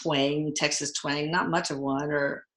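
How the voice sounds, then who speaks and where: A woman hosting the show, chatting casually and telling stories in an animated way. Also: low-pitched, measured pace. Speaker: host. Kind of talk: casual conversation. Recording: echoey room.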